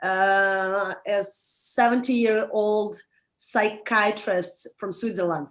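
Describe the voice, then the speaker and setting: A young adult woman with a Russian accent, speaking English in a casual interview as a director and actress, halting and restarting as she explains. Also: medium pitch. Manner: halting, restarts often, animated advice.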